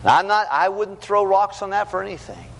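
A middle-aged man preaching a sermon to young people, earnest and storytelling, swinging from loud to hushed. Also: high-pitched, lively intonation, brisk, vocal fry. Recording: long hall reverb, faint background noise.

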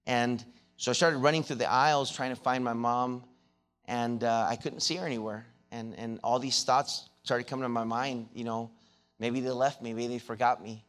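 A man preaching a sermon, telling a childhood story and then building into loud, rising exhortation with many repeated words and restarts. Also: steady tone, moderate pace. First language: not English. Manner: restarts and repeated words, grows louder and higher when preaching.

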